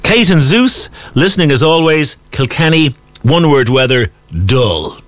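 Chatty radio host, dry studio sound. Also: male voice, on the high side, very animated, unhurried, no echo. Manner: chatty, upbeat, reads out listener messages. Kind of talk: breakfast radio chat. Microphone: studio microphone.

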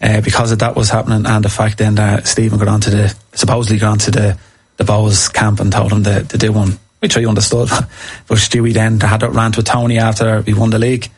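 Husky man telling football stories. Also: lowish voice, fairly quick. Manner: animated anecdotes, acts out quotes. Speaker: former footballer, podcast guest. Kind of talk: casual storytelling chat.

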